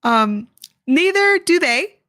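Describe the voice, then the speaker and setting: High, lively woman, halting speech. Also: dry recording, clean studio sound. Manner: hesitant, halting with restarts. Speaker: co-streamer guest. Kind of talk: casual reaction stream chat.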